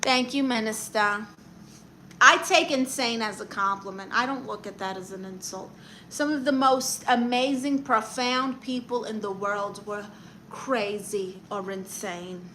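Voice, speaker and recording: Speaking in a Brooklyn accent with a fairly high, sharp and bright voice, a brassy woman hosts a comedy livestream at an unhurried pace. She reads viewers' comments aloud and answers with blunt, sassy advice, calling people "honey," over a faint hiss.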